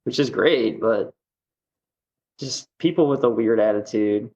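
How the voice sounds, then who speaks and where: A man's voice: medium pitch, a little slow, a little mellow, muffled recording. A man chatting as a podcast guest, rambling with lots of fillers and easy laughs. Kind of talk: casual podcast chat.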